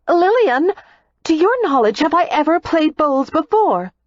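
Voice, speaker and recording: A woman narrator voicing a spirited, quick-tempered young American heiress, speaking breezily and indignantly. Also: high voice, sing-song, no room sound, dull audio, pitched above the performer's own voice.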